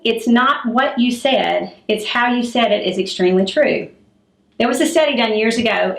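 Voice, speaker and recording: A fairly high-pitched, middle-aged woman teaching a public speaking lesson. She talks clearly and demonstratively, acting out her examples. The room around her is echoey.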